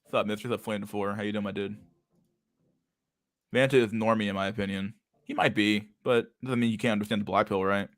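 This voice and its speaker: A man's voice: on the low side, steady tone, fairly quick, dry recording. A young man hosting a casual livestream, talking over videos in a rambling, profane way and repeating his words. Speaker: streamer host.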